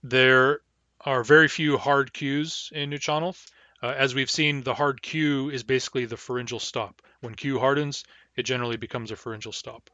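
A man's voice: mid-range voice, fairly even intonation, normal speed, sharp tone, dry recording. A man teaching a language, giving a pronunciation lecture and saying each example word twice as a model. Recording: dull, lo-fi dry recording.

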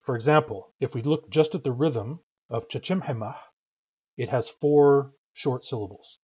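A man's voice: medium pitch, normal speed, a little mellow, breathy edge, dull audio. A man teaching a language lesson, patiently and methodically demonstrating syllable rhythms aloud.

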